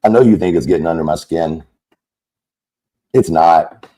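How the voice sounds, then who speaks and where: A man's voice: sits low, normal speed, dark tone. A man delivering an angry, profane, mocking rant as a content creator. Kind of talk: angry ranting monologue.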